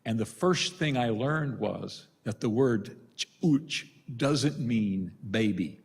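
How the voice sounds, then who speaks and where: Taking it slowly, an older priest from the United States tells stories and jokes at his own expense during a retreat talk. His mid-range voice is expressive and husky, with vocal fry, and a large hall lends it long reverb.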